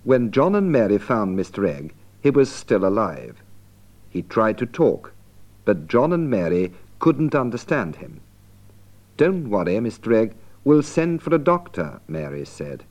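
A man giving slow, deliberate scripted narration for language learners. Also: lowish voice, big pitch swings, darkish tone.

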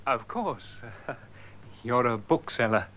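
An actor playing a polite, puzzled young man who answers slowly with awkward laughs. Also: mid-range voice, expressive, fairly bright tone. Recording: dull lo-fi old tape.

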